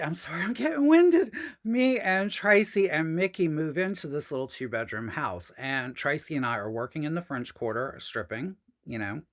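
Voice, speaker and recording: Animated woman telling stories. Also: deep voice. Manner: animated, frank and profane, with sassy asides. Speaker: podcast storyteller. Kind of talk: casual personal storytelling.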